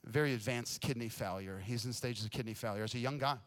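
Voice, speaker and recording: Energetic bright-voiced male pastor. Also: medium pitch, fast. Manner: energetic, casual, repeats words. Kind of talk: sermon storytelling. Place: church stage.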